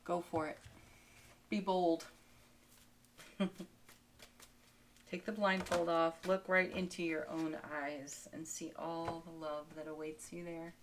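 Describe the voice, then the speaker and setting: A woman giving a daily spiritual tarot card reading, soothing and unhurried, with soft laughs between cards. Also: sits low, flat delivery, slight background noise.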